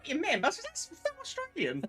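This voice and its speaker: A woman with a lively, bouncing voice who banters with her husband during a stream. She teases him with quiet, laughing asides from farther away from the mic, faint music in the background. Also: high-pitched, normal speed. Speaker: co-host, host's wife. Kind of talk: casual banter.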